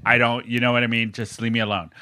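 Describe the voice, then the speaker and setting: A man's voice: mid-range voice, level tone, quick pace, pushed and bright, clean tone. A man from the San Diego area telling a story in a casual podcast chat, swearing freely and acting out the people he quotes. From San Diego area, California.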